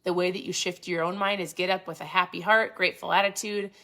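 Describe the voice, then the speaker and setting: A woman's voice: fairly low pitch, flat delivery, fast talker, pushed and bright. A woman hosting a lifestyle channel, chatting casually and animatedly about a motivational book. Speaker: host of a keto lifestyle channel.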